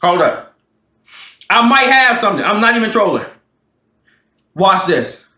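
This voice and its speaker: A young man streams a casual storytime, cursing freely and acting out both sides of a quarrel. His pitch leaps all over and his voice is bright and sharp. The sound bounces around an echoey room. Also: unhurried. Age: 20s. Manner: animated, profane, acts out both sides of the argument. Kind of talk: casual storytime to a live chat.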